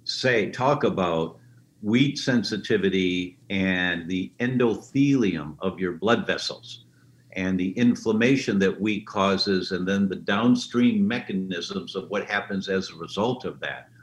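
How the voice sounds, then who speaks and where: A man, the interview guest, telling stories with animated energy and jumping into high-pitched voices when he quotes people. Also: unhurried. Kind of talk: enthusiastic storytelling in an interview. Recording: roomy remote line with faint noise.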